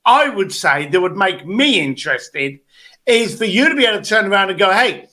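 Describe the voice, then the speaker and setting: A man coaching on a video call, giving blunt, animated advice and acting out quotes. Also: high voice, a little fast. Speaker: business coach.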